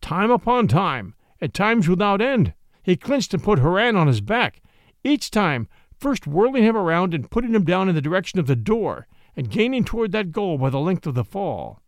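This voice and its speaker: A man reading a classic short story aloud as narrator, with an expressive, dramatic delivery. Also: sits high, moderate pace, no echo, studio quality.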